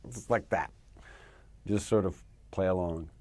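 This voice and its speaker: A man, an actor, answering interview questions in an animated way, laughing often and dropping into character voices. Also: low-pitched, a little slow, dry recording.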